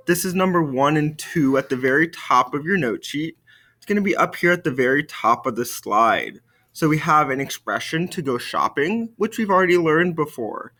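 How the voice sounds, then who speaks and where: A man's voice: on the high side, pushed and bright. Man teaching a French lesson. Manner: slow call-and-repeat drills with careful French phrases; upbeat classroom explaining. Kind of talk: recorded video lesson.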